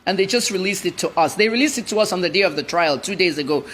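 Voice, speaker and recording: A woman journalist, answering TV interview questions in a blunt, rapid, emphatic way. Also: fairly low pitch, animated, fairly bright tone, slight background noise. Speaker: journalist guest.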